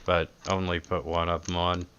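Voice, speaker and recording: A man running a tabletop game as game master, halting and filling pauses with "uh". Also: deep voice, monotone, fairly bright tone, smooth. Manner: halting, with many filler sounds. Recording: dull lo-fi recording.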